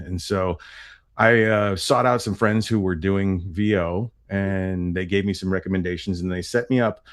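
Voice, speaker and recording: Middle-aged man, very low voice, projects naturally, chatty guest on a dry close mic. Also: fairly even intonation, normal speed, no echo. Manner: projecting, chatty, laughs often. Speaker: podcast guest, voice actor. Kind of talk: casual interview chat.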